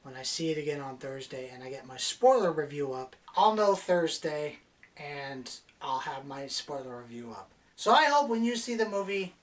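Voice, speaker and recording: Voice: mid-range voice, animated, moderate pace, recorded from a distance. A movie reviewer ranting in a vlog, annoyed, blunt and crude.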